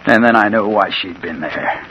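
An actor playing a hard-boiled crime reporter who narrates and pleads urgently in a 1940s radio drama. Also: male voice, on the low side, moderate pace, close to an everyday voice. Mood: brooding. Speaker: narrator and lead. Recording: muffled old radio recording with clear hiss.

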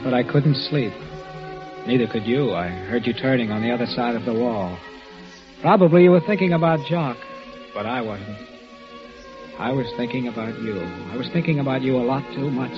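Guy playing an earnest lovesick narrator, calm mid voice, old muffled radio, music behind. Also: mid-range voice, natural voice. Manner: quiet, earnest, reflective narration. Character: earnest, lovesick man narrating his memories. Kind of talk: 1940s radio acting.

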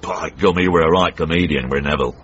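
An actor with a Northern English accent playing a cantankerous, grumbling old uncle in a radio drama. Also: male voice, rumbling low, fast talker, fairly bright tone, heavily acted. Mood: reminiscing. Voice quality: husky, grumbling. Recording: muffled radio broadcast.

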